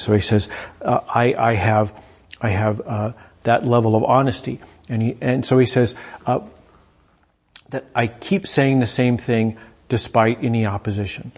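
A man's voice: medium pitch, a little mellow, husky. A man preaching a sermon in a conversational way, paraphrasing scripture and often repeating words as he restarts his sentences.

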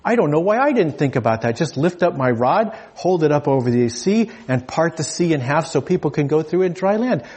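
A husky-voiced man preaching a sermon and putting on a sarcastic, exasperated Moses who scolds himself in mock disbelief. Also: a little high, sing-song, fairly quick, few pauses, a little mellow.

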